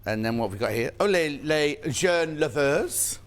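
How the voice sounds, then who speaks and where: Chatty, higher-voiced male TV presenter. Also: expressive, moderate pace, clean tone. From United Kingdom. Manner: chatty, playful, reads viewer messages. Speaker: shopping channel presenter. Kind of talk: live TV sales presentation.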